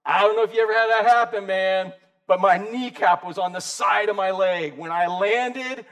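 A man in his sixties preaching a casual, lively sermon, calling listeners dude and bro. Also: high voice, normal speed. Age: 60s. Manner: animated, slangy, calls the audience dude and bro. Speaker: pastor.

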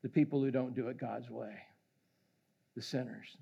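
A man's voice: mid-range voice, fairly even intonation, moderate pace, vocal fry, breathy edge. A middle-aged man preaching a casual, conversational sermon, joking with and calling out people in the congregation. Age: middle-aged or older. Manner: conversational, jokey, calls out listeners. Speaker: pastor. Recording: dull lo-fi sound.

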